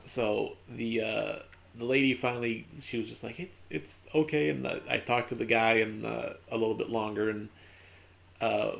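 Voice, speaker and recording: A man's voice: mid-range voice, steady tone, moderate pace, creaky, a bit bright. A man streaming a video game, rambling through a casual anecdote with lots of fillers. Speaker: gaming streamer. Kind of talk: casual storytelling while playing.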